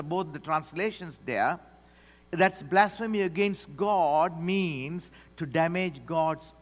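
A man preaching a sermon as pastor, swinging from quiet low asides to loud commands. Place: church sanctuary. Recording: long hall reverb.

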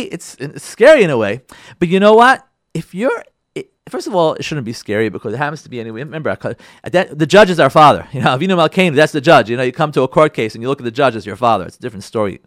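Animated rabbi a lively, expressive voice. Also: male voice, fairly high pitch, racing, no room sound, studio quality. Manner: animated, repeats phrases for emphasis, acts out listeners' voices. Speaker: rabbi, show host. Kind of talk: lively Torah talk addressed to listeners.

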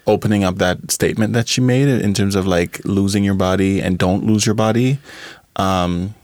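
A man's voice: lowish voice, steady tone, normal speed, darkish tone, dry recording. A young man from Trinidad, a guest in a roundtable conversation, talking thoughtfully and circling back over his phrases. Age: young adult. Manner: thoughtful, restarts phrases, many "like" fillers. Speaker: alumnus guest.

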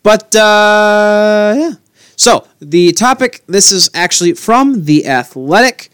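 Man, podcast co-host, rambling hockey chatter; smooth tone, dead-dry close mic. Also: high-pitched, takes it slowly, no echo. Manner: rambling, repeats words when excited. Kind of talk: casual sports chat.

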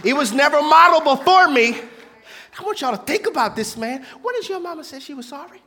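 A man in his thirties preaching a sermon as pastor, swinging between hushed asides and shouted points with the congregation. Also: very high voice, expressive, a little fast.

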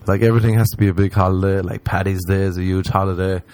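A man's voice: sits low, quick pace, no echo. A man from Ireland with an Irish accent, casually telling a comic story, swearing a lot and acting out the voices of the people in it. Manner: animated, swears a lot, acts out quoted voices.

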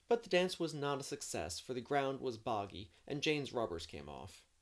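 A man reading a classic novel aloud in an expressive way, now and then adding a playful aside of his own. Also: medium pitch, normal speed. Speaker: audiobook reader.

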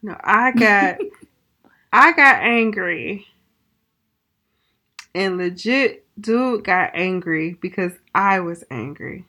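Woman, podcast co-host, easygoing chat, mid pitch, laughs a lot. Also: animated, slow, pauses often, pushed and bright. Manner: laughs often, chatty, asks questions. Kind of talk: casual chat.

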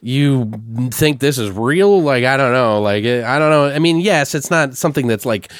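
A man hosts a podcast and recaps a movie in casual chat, animated and foul-mouthed, often laughing. His pitch swings widely, and the close, dry recording has no room echo. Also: normal speed. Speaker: podcast co-host reviewing a film.

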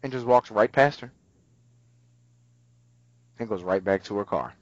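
A man's voice: on the low side, unhurried, highs cut off. A man co-hosting a casual show, animatedly retelling scenes and acting out lines. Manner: animated retelling, acts out quotes. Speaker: podcast co-host. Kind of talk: casual recap chat.

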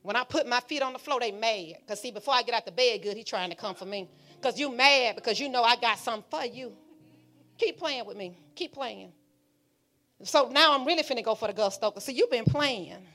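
A woman's voice: fairly high pitch, quick pace, bright, forceful tone. A woman pastor, preaching a fiery sermon and calling out to the congregation. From Alabama. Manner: fiery, preaching with call-and-response.

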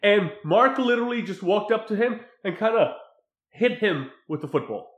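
Crude, animated man recapping a film. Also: high voice, normal speed, roomy sound, lo-fi sound. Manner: crude, animated storytelling with mimicked lines. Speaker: podcast co-host recapping a film. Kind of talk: casual chat.

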